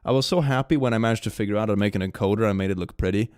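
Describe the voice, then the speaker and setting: A young man streaming from home, reading fan memes aloud and reacting in an animated, giggly way that swings between hushed and excited. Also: fairly low pitch, rapid-fire, no echo, studio quality. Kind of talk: casual livestream chat.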